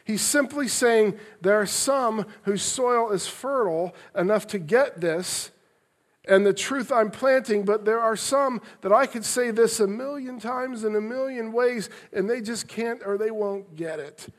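A male pastor preaching a sermon, earnest and expressive, moving between loud emphasis and soft, tender passages. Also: high-pitched, measured pace.

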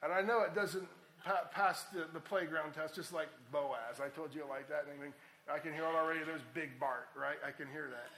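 A man's voice: on the high side, steady tone, brisk, pushed and bright, reverberant, a little hiss or hum, poor audio. A man preaching a sermon as a pastor, earnest and rising to emphatic appeals.

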